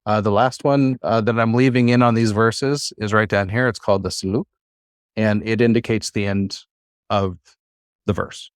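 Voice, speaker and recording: A man teaching a class, talking in a relaxed, halting way with many fillers and restarts. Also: lowish voice, clean tone, dry recording, studio quality. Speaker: Bible Hebrew teacher.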